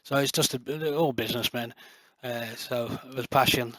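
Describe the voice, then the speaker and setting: A man's voice: medium pitch, fairly even intonation, normal speed, fairly bright tone, dry recording. A middle-aged man, a light gun builder talking to camera in a passionate, boastful, rambling way full of fillers. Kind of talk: casual rambling talk to camera.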